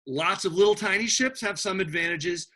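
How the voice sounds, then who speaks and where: A male history teacher with a bright voice, high for a man, gives an animated, casual classroom lecture. He jokes, often restarts his sentences, and keeps students engaged with quick asides.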